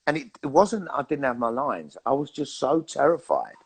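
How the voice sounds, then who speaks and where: London actor, middle-aged man, gravelly voice, swears freely, animated storyteller in an interview. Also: medium pitch, normal speed. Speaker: actor and guest.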